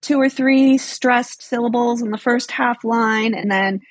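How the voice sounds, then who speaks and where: A woman's voice: on the high side, a little slow, no echo. A woman guest on a history podcast, explaining things thoughtfully and often saying "sort of". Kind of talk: podcast interview.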